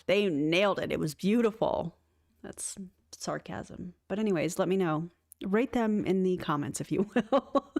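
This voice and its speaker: A woman's voice: lowish voice, no room sound. Sarcastic chatty woman host, dry close sound. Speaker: YouTube commentary host. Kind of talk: livestream reaction commentary.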